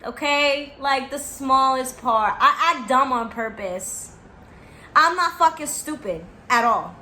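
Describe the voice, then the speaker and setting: A woman in her twenties talks straight to camera in a high, bright voice. She is blunt and swears freely, and she comes back again and again to emphatic reassurances. The sound is roomy, with a faint hiss underneath. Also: slow pace. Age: 20s. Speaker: vlogger. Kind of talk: candid talk to camera.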